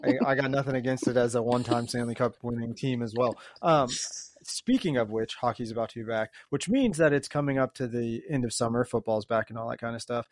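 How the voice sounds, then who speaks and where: A man's voice: mid-range voice, fairly quick, dry recording. A man hosting a podcast, chatting in a rambling, easygoing way and laughing often. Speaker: podcast host. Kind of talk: casual chat.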